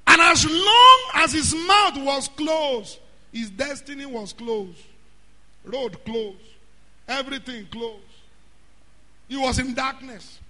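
A man preaching a sermon, often shouting and drawing out words. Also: very high voice, animated, slow pace, pauses often. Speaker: pastor. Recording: hall reverb.

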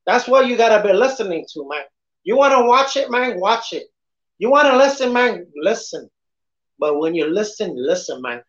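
Man doing a swaggering movie gangster, higher-pitched than his own voice, slight lisp, tacks "man" onto every phrase, dull lo-fi sound. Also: big pitch swings, moderate pace, reverberant. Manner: says "man" after nearly every phrase. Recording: dull lo-fi podcast audio.

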